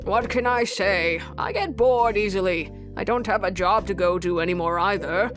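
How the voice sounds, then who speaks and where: A woman doing a gruff, cranky old man. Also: mid-range voice, moderate pace, music in the background, close to an everyday voice. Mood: grumpy. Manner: curt, gruff and dismissive. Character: cranky grumpy old male neighbor.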